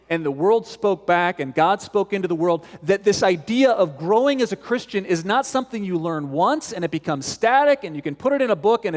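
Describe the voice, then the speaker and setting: A man delivers a sermon from the pulpit, animated and conversational, stumbling over repeated words as he goes. His voice sits on the higher side for a man. A long reverb from the large sanctuary trails every phrase. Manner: animated storyteller, repeats words when restarting. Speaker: pastor.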